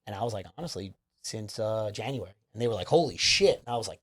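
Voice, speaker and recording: A man's voice: lowish voice, very fast, a little mellow. Rambling, profane man telling a story. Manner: profane, rambling, lots of fillers. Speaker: comedian guest. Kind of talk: casual storytelling chat.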